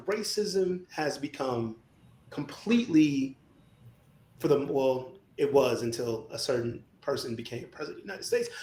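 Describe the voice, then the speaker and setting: A man co-hosting a podcast, talking in an animated, emphatic way and often asking "right?". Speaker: podcast co-host. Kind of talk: casual podcast discussion. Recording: echoey room, faint rumble.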